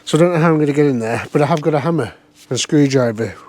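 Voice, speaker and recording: A man's voice: a little high, very fast, a little mellow. Man muttering wry car commentary. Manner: chatty, wry, muttering to himself. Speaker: vlog host. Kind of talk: casual running commentary to camera. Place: inside an old car in a scrapyard, cold.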